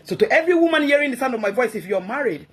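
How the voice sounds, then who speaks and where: A woman's voice: high voice, expressive, very fast, husky. A woman, a guest speaker giving emphatic, preachy advice on marriage and often repeating herself for effect.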